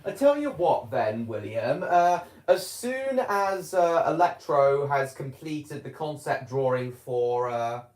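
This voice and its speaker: A man's voice: fairly high pitch, a little mellow. A man chatting casually on a home video, rambling and hesitant, with many fillers and restarts. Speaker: vlogger. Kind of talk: casual chat. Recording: roomy echo.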